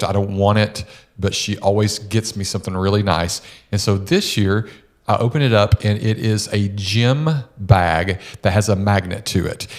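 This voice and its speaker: A man's voice: lowish voice, darkish tone. A middle-aged man co-hosting a podcast, chatting casually and telling stories with lots of "uh" and "you know". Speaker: podcast co-host.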